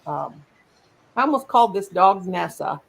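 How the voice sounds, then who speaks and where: Woman live-stream host, husky and creaky, chatty and meandering. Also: lowish voice, lively intonation, normal speed, poor audio. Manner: rambling, trails off mid-sentence. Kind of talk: casual live-stream chat.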